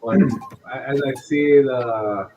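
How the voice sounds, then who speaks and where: A man's voice: medium pitch, slow, a little mellow, lo-fi sound, slight background noise. A man playing a tabletop game who talks hesitantly and rambles with many fillers. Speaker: player. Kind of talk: casual play at a tabletop game.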